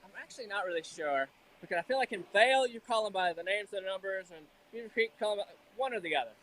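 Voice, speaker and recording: High-voiced man with a Southern accent. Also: expressive, quick pace, fairly bright tone, a little hiss or hum, poor audio. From Alabama. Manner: chatty, self-deprecating. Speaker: field reporter. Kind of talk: live on-location report. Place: outdoors at a ski lift.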